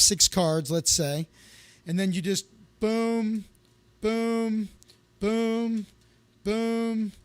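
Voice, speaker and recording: High-voiced man chatting loosely to viewers. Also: no echo. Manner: loose, anecdotal, with many fillers and restarts. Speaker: comedian hosting a live stream. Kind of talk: casual rambling chat to viewers.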